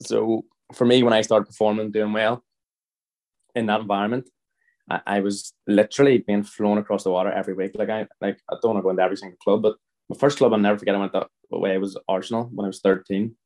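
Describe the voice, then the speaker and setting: A man's voice: fairly low pitch, little pitch movement, fast talker, a little mellow. A Northern Irish man in his thirties, a podcast guest telling a long story in a chatty, rambling way, acting out the other people's lines. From Northern Ireland. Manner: chatty, rambling, frequent restarts and quoted dialogue. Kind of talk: casual storytelling chat.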